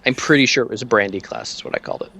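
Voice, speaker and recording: A man's voice: mid-range voice, racing, creaky, a crowd in the background. A man narrating as game master, loose and laughing, with plenty of fillers.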